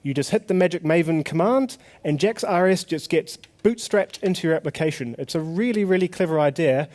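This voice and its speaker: Casting: playful male tech-conference host on stage, slightly higher voice, handheld mic. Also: animated, brisk, darkish tone. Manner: jokey, playful, banters with audience. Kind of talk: comedic live stage presentation.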